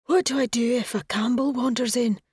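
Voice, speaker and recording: A woman voicing a worried, loyal Highland man, speaking raised and anxious. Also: steady tone, brisk, a little mellow, husky, dry recording, studio quality.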